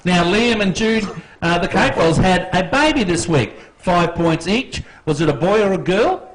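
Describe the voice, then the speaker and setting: A man's voice: sits high, lively intonation, moderate pace, a little hiss or hum, poor audio. An Australian man hosting a live quiz at a football club, jokey and teasing with the contestants. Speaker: quiz host.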